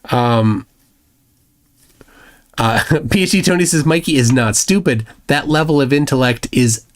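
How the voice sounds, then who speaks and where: A man's voice: mid-range voice, measured pace. A man hosting a live stream, reading viewer comments in casual chat and adding mocking, lecturing asides. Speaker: livestream host.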